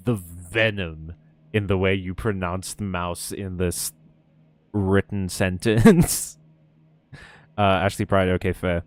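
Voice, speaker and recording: A man's voice: fairly low pitch, moderate pace, darkish tone, dry recording. A young man streaming a game, joking and self-deprecating as he reads chat and swears freely. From South Africa. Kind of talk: casual game commentary and chat reading.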